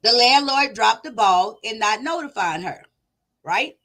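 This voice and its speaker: A woman's voice: a little high, lively intonation, unhurried, pushed and bright. A woman hosting a commentary channel, reading viewer comments aloud and giving her own take in a casual, conversational way. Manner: casual, talks things through with her viewers.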